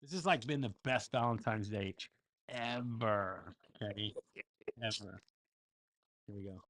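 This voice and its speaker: A man's voice: lowish voice, measured pace, fairly bright tone. A man co-hosting a casual couples livestream, chatty and talking straight to his viewers. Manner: chatty, addresses viewers as folks.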